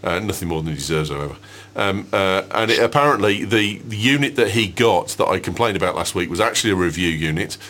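A man's voice: deep voice, quick pace, hardly any pauses, fairly bright tone. Cheeky man hosting a tech podcast. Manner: cheeky, banter-heavy, laughs often. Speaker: podcast host. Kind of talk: casual tech podcast chat.

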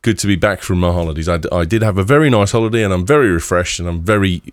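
A man's voice: sits low, very fast, dry recording. A British man co-hosting a podcast, chatting and bantering casually. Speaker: podcast co-host. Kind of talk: casual chat.

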